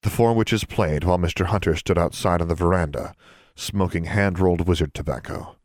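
A man narrating a story in a steady, measured read. His voice is very low and deep. The recording is close and dry, with no room sound. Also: no room sound. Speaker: audiobook narrator. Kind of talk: scripted narration.

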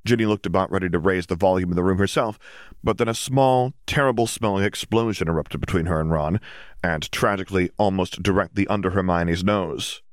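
Deep-voiced man reading a story. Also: a little fast, no echo, clean studio sound. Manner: steady, even storytelling. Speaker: narrator. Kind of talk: audiobook fiction reading.

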